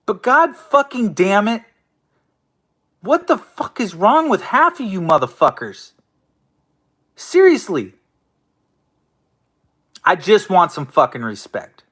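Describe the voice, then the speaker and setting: A man with a noticeably high-pitched voice rants at his listeners as host of his own show. He swears constantly, talks in a confrontational tone and keeps stumbling into restarts. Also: sing-song, takes it slowly, long pauses, a bit bright. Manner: profane, confrontational, stammering restarts. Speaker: host of an online audio room show. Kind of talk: angry ranting monologue.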